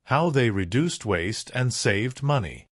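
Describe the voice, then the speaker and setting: A man narrating a scripted story in a slow, deliberate storytelling manner. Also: mid-range voice, big pitch swings, no echo, studio quality.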